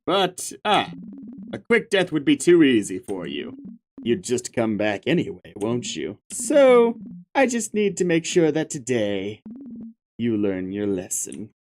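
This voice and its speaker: A man voicing a cruel male king villain in a video game, making slow, drawn-out shouted threats. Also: mid-range voice, very animated. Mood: menacing.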